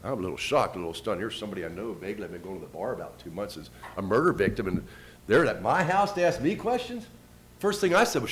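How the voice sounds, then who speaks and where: A man giving a first-person storytelling talk, retelling events with quoted dialogue and lively shifts in pitch and loudness. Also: fast, a little hiss or hum. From United States. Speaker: invited speaker.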